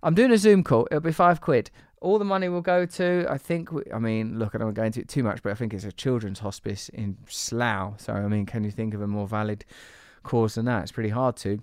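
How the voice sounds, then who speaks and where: A man's voice: lowish voice, a little fast, hardly any pauses, clear, resonant tone, no room sound, studio quality. A man hosting a podcast in casual chat, playful and teasing, rambling from thought to thought. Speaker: podcast host.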